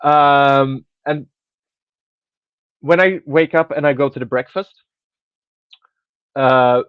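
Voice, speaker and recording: A man's voice: medium pitch, takes it slowly, clear, resonant tone, no room sound. Podcast guy rambling thru a story, keeps restarting, swears casually, kinda muffled lo-fi mic. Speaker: podcast host. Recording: dry, dull lo-fi sound.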